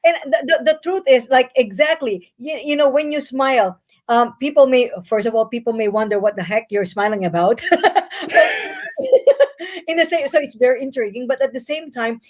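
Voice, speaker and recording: A woman's voice: on the high side, normal speed, darkish tone. A woman hosting an interview, asking questions in an encouraging way. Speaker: interview host.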